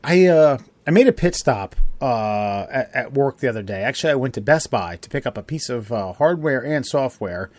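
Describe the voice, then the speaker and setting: A man's voice: mid-range voice, expressive, normal speed, few pauses, darkish tone, no echo. A man hosting a casual podcast chat, rambling and profane, often laughing. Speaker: podcast host.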